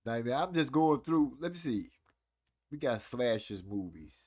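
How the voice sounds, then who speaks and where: A man in his forties with a mid-range, slightly mellow voice hosts a casual stream at a measured pace, his intonation lively. He chats about old movies, teasing viewers playfully and reading chat aloud.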